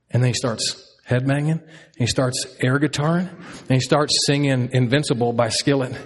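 A man's voice: mid-range voice, moderate pace. A man in his thirties preaching a sermon as a pastor, earnest and repeating key lines for emphasis.

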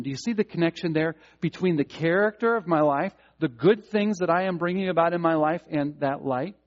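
Emphatic high-voiced preacher, dull recording. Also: male voice. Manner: emphatic, repeats words for stress. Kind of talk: sermon.

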